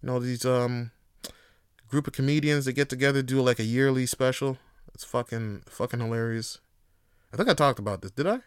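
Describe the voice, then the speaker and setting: A man hosting a casual solo podcast, rambling loosely with plenty of swearing and filler words, and getting loud and animated when he gets worked up. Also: mid-range voice, fairly quick, clean tone, no echo, clean studio sound. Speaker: podcast host.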